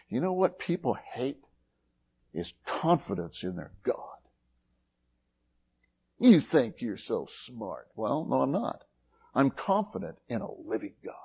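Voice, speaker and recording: A man preaching a folksy sermon as pastor, with sudden rises and drops in loudness. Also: medium pitch, slightly rough, highs cut off. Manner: folksy, animated preaching with big swings in loudness.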